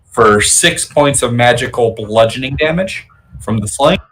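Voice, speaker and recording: A man plays his turn in a tabletop game, describing his character's actions in a relaxed, halting way. He talks at a middling pitch with easy, casual pacing. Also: poor audio. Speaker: player.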